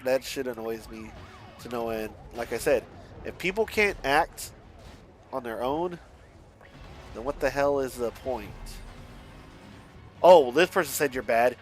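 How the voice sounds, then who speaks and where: A young man from a Mexican family, a streamer chatting casually and rambling, swearing often and restarting his sentences. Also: mid-range voice. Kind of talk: casual rambling chat while playing a driving game.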